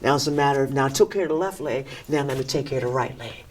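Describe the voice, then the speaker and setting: A woman telling a dramatic true story, acting it out with loud sound effects and checking in with "that makes sense?". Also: rumbling low, fast talker, background noise. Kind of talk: animated story time.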